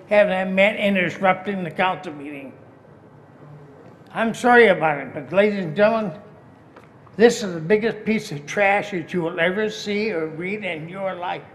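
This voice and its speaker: A man's voice: high voice, fairly bright tone. A man giving a heated, accusing public comment at a city council meeting. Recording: echoey council chamber.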